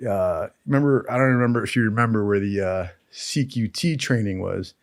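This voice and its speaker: A laid-back man tells raunchy anecdotes from his military training in a relaxed, profane, chatty way. The recording is dry and close, with no room sound. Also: lowish voice, fairly quick, no echo. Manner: profane, laid-back, keeps saying "dude". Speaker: storyteller recalling military training. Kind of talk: casual crude anecdote telling.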